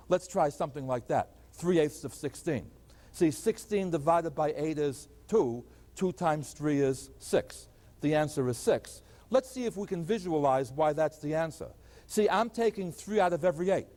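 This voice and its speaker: A man's voice: a little high, expressive, moderate pace, mellow. A man teaching a math lecture, explaining step by step and posing rhetorical questions to the class. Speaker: mathematics lecturer. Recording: long hall reverb.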